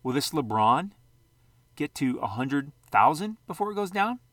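A man's voice: fairly high pitch, big pitch swings, moderate pace, fairly bright tone, no room sound. A man hosting a casual vlog, rambling and conversational, throwing out rhetorical questions and the odd mild curse. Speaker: sports card channel host.

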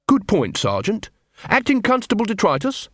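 A man's voice: sits high, moderate pace, no echo, studio quality, pitched above the performer's own voice, exaggerated voice. A man voicing an earnest young watch corporal. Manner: calm, earnest, polite authority.

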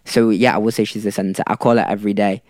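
Young male podcast guest from South Africa, low-pitched, loose and chatty, tells stories with fillers. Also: little pitch movement, fast talker, darkish tone, no echo, studio quality. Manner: rambling, with fillers and laughs. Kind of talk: casual storytelling.

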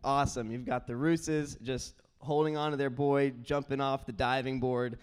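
A young man preaching a sermon, telling family stories in an animated way and acting out his kids' voices. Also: medium pitch, moderate pace, smooth. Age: young adult. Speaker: pastor.

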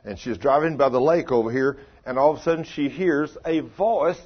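An older man preaching a sermon, telling folksy stories and swinging between loud declarations and hushed asides. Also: mid-range voice, brisk, breathy edge, highs cut off.

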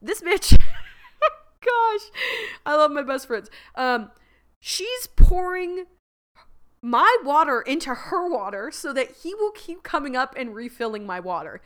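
A woman hosting a podcast, telling a story in a casual monologue, animated and laughing often, with lots of "like" fillers. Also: sits high, slow pace. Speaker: podcast host.

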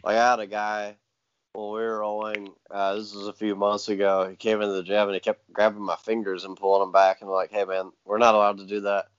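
A man hosting a casual chat, laid-back and quick to laugh. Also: on the low side, flat delivery, clear, resonant tone, no echo, lo-fi sound. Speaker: podcast host and jiu-jitsu video maker.

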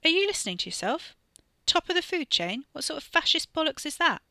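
A woman's voice: high voice, very animated, a little fast, creaky, sharp tone, dry recording, pitched above the performer's own voice, full character voice. A woman voicing a weary, sarcastic young man. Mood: scornful. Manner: dry, sarcastic.

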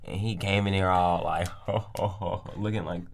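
A man's voice: low-pitched, fairly even intonation, slow pace, vocal fry. A young man co-hosting a casual podcast, making dry, wry asides and mimicking the people he quotes. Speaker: podcast co-host. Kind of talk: casual chat.

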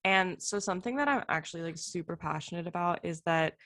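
A woman's voice: lowish voice, brisk, fairly bright tone. A young woman co-hosting a podcast, playful and giggly, chatting casually with many fillers. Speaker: podcast co-host. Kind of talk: casual chat.

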